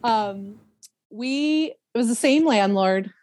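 A woman, a podcast guest, telling a personal story in a casual, animated way, laughing often and imitating other people's voices. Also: a little high, slow, no room sound.

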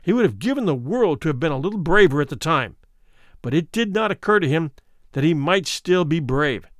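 Man, audiobook narrator, dramatic delivery, slightly high, dry recording. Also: brisk, dry recording. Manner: expressive, dramatic storytelling. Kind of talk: audiobook narration of a classic story.

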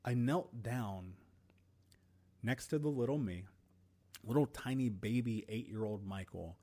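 A man hosting a podcast and telling a personal story in an earnest, emotional way, with deliberate pauses. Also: mid-range voice, warm tone. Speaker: podcast host.

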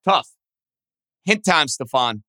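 A man hosting a sports radio show, casually thinking out loud as he works through baseball trivia. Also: on the high side, takes it slowly, no room sound. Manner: animated, thinks out loud, self-deprecating.

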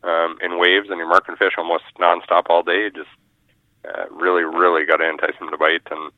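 A man's voice: sits low, little pitch movement, a little fast, dry recording. A man, a fishing guide talking casually in a radio interview, rambling and repeating his words. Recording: muffled phone line.

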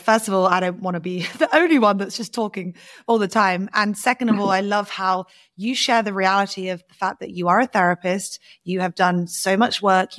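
A woman hosting a podcast, speaking with warm, effusive gratitude toward her guest. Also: medium pitch. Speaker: podcast host. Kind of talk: podcast conversation.

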